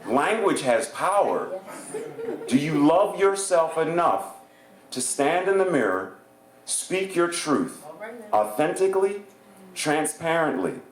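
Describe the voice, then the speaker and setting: A man preaching a sermon as a guest minister, animated and playful, often laughing as he speaks. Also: a little high. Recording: echoey church hall.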